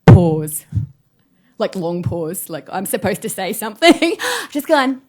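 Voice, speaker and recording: A woman's voice: medium pitch, slow pace. A woman in her forties giving a public talk from a stage, telling self-deprecating personal stories with plenty of laughter. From Australia. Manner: animated storyteller, self-deprecating, laughs often. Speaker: keynote speaker.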